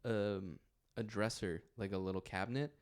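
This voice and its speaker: A man's voice: lowish voice, steady tone, moderate pace, smooth. A man co-hosting a podcast, joking in a laid-back way and often restarting his sentences. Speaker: podcast co-host. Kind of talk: casual chat.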